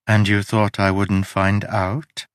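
A man's voice: lowish voice, completely flat delivery, slow pace, clean tone, dry recording, clean studio sound. A man voicing a stern, suspicious woman in an audiobook, cool and clipped.

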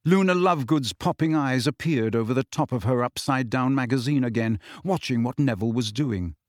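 A man's voice: mid-range voice, fairly quick, no room sound. Man narrating a storybook, dry and close. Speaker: audiobook narrator. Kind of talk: scripted fantasy novel narration.

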